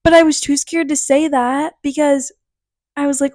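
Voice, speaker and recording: A woman's voice: high-pitched, steady tone, moderate pace, a little mellow, no room sound, studio quality. A young woman from Connecticut hosting a podcast, telling a personal story in a chatty way, with lots of "like" fillers and laughter. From Connecticut, USA. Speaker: podcast host. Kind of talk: casual storytelling.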